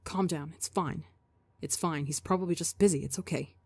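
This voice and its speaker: A woman's voice: sits low, normal speed, breathy edge, no echo. A woman voicing a distraught, frustrated young man who snarls defiantly, in a storybook reading.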